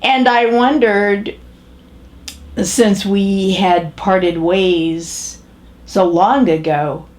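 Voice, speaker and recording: A woman playing a very slow, frank middle-aged woman. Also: mid-range voice, fairly even intonation, a little mellow. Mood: reflective. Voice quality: halting, measured delivery with pauses and restarts. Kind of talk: character monologue.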